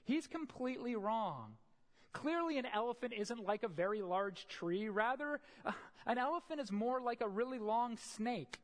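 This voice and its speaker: A blind beggar man, put on by a preacher, argues and insists he alone is right. He talks with a lively, swinging tone. A long hall reverb hangs after him. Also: mid-range voice, moderate pace, lightly acted. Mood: insistent. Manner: dismissive, insistent.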